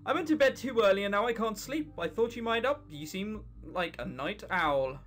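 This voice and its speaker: A woman's voice: medium pitch, expressive, moderate pace, faint music behind, lightly acted. A woman reading a bold, bluffing young heroine. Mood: playful. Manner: playful, bluffing.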